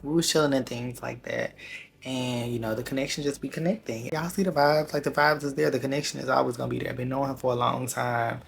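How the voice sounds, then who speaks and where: Gravelly-voiced man telling a story. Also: mid-range voice, quick pace, a little hiss or hum. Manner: candid, slangy, animated storytelling. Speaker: vlogger. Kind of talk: casual storytime vlog.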